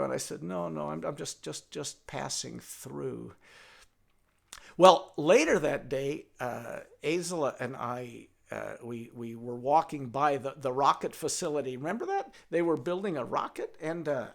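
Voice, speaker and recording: A man telling a folk tale in a lively, halting way, often restarting his sentences and turning aside to speak to his donkey. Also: a little high, gravelly. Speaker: storyteller. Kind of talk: told folk tale with a puppet.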